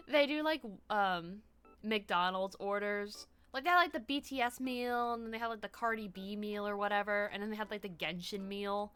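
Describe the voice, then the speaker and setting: A woman's voice: mid-range voice, expressive, moderate pace, a bit bright, clean tone. A young woman from the US East Coast, a streamer chatting casually, rambling with lots of "like" and swearing. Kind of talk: casual chat.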